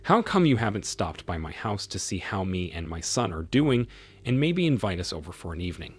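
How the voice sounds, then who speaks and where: A man voicing a hurt ex-wife who pleads softly and whines, in a storybook reading. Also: low-pitched, big pitch swings, brisk, breathy edge, faint music behind, exaggerated voice. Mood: pleading. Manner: soft, whining.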